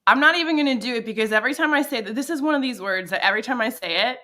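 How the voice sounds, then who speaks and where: A woman's voice: on the high side, very fast. A woman co-hosting a marketing livestream by video call from her father's house, playful and joking. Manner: playful, joking, animated delivery. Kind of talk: casual live-stream chat.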